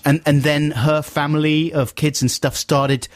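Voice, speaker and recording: A man's voice: on the high side, a little slow, dry recording, clean studio sound. A man hosting a radio show, telling an anecdote with laughs and acted-out quotes. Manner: animated, laughing, acts out quotes. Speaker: radio host. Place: radio studio. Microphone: studio mic.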